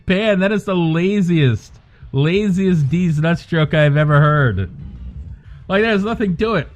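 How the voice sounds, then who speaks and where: A young man with a slightly high voice, chatting on a live game stream. He rants in an animated, profane way. Quiet music plays in the background. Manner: animated, swearing, quick rants. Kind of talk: casual live-stream chat.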